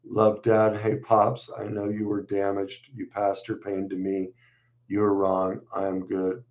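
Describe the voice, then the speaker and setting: A middle-aged man hosting a casual livestream, reading viewers' comments aloud and answering them in a relaxed, conversational way with frequent fillers. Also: fairly low pitch, unhurried. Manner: reads viewer messages aloud and responds warmly, conversational with fillers.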